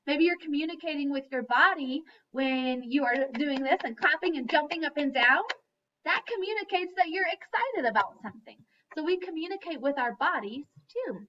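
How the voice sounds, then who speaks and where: A woman teacher giving a lesson to young children, speaking slowly and clearly and chanting in a sing-song voice. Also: high voice, animated, bright, forceful tone, recorded from a distance, dull audio. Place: classroom.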